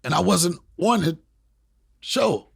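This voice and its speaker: A man, a comedian and podcast host, telling a story in a casual interview with emphatic, profane, animated talk. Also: high-pitched, slow, vocal fry, slightly rough. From Washington, D.C. area. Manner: animated, profane, emphatic, repeats phrases for punch.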